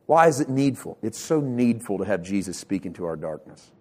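A male pastor delivering a sermon with passion, swinging from loud bursts to hushed lines and repeating words as he builds emphasis. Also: mid-range voice, lively intonation, moderate pace, slightly rough. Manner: impassioned preaching with sharp swings from loud to hushed.

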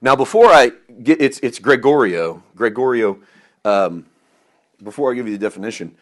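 A middle-aged man preaching a sermon, swinging between loud emphatic lines and quiet asides, chuckling at himself now and then. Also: mid-range voice, expressive, normal speed. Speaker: pastor.

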